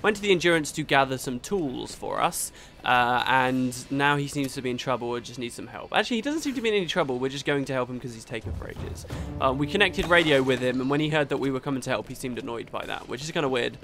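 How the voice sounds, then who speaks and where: With soft music in the background, a young man talks fast in an expressive, mid-range, fairly bright voice while hosting a let's play. He chats and rambles through his reactions in a home room during a thunderstorm, using a desktop mic and Audacity.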